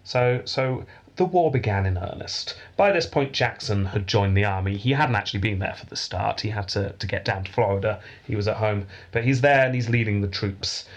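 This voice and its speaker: A man's voice: on the low side, normal speed. A man hosting a casual history podcast, telling the story with dry jokes and frequent laughter.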